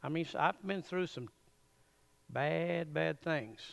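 Folksy preacher, higher-pitched man. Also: slow, creaky. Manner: animated, folksy, chuckles often, addresses crowd as y'all. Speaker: pastor. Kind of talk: sermon. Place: church.

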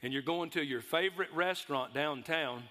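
A man's voice: a little high, moderate pace, pushed and bright. A man with a Texas accent preaching a sermon in a folksy, storytelling way to a church congregation. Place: church sanctuary. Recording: long reverb of a large hall.

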